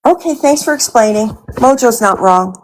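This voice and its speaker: Measured woman from New York City. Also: a little high, animated, a little hiss or hum, poor audio. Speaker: debate panelist. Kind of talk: casual voice-chat discussion.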